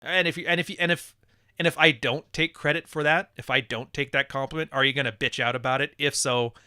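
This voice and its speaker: A man's voice: medium pitch, fairly even intonation, brisk, bright, forceful tone, smooth, dry recording, studio quality. A man hosting a live podcast, reading chat messages and talking in a blunt, profane, wisecracking way. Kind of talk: casual livestream monologue.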